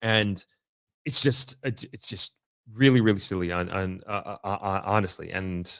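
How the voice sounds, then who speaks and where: A man's voice: sits low, moderate pace, gravelly, a bit bright, no echo, clean studio sound. A man giving a casual, unscripted update to his viewers, often stopping and restarting as he picks his words with care. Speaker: vlogger giving an on-the-ground update. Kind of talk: casual unscripted talk to camera. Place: in the area the update is about.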